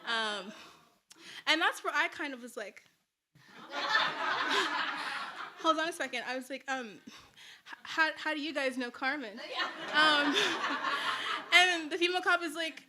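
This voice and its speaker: A woman's voice: high-pitched, a little slow, long pauses, very noisy. A young woman telling a personal story to an audience in a casual, chatty way, full of "like"s and laughing at her own jokes.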